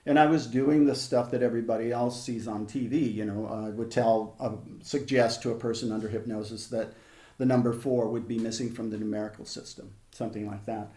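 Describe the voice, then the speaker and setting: An older man working as a hypnotherapist, telling stories in an interview in a measured, conversational way with frequent restarts. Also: mid-range voice, fairly even intonation, warm tone, reverberant. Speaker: hypnotherapist guest. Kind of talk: reflective storytelling in an interview.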